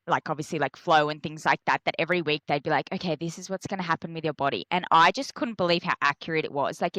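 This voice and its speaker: A young Australian woman shares stories in a bright, forceful voice. She jumps into high, excited voices to act out her own lines. The sound is dry and close. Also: no room sound. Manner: animated storyteller, acts out her own quotes in a high voice. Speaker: interview guest. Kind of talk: candid casual chat.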